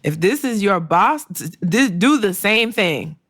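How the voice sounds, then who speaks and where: Middle-aged woman podcast host, low and gravelly, sassy and blunt advice delivery, dry close recording. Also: animated, a little slow, no room sound. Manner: blunt, sassy and conversational, with laughs and acted-out quotes. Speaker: podcast host and career coach. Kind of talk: candid solo podcast advice.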